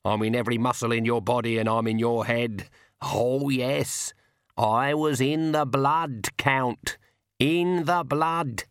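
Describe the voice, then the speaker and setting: A man's voice: mid-range voice, moderate pace, no room sound, close to an everyday voice. A man voicing a shrewd, stern old witch woman with plain-spoken, folksy speech in an audiobook. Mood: triumphant. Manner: plain-spoken rural speech, calm and cutting.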